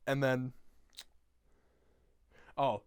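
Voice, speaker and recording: A man's voice: mid-range voice, little pitch movement, very slow, smooth, no echo, clean studio sound. A young man rambling profanely through a retelling of a film from memory, laughing as he goes. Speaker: YouTuber.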